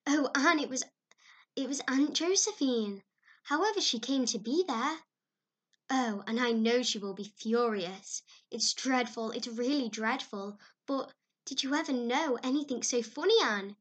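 A woman reading a storybook, voicing a lively, giggly young girl who talks eagerly and excitedly. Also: fairly high pitch, unhurried.

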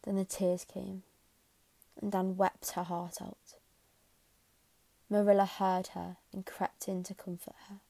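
A woman reading a classic novel aloud in a quiet, measured way, sometimes sinking to a whisper. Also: medium pitch, level tone, creaky, no room sound. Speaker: audiobook narrator. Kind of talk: scripted narration.

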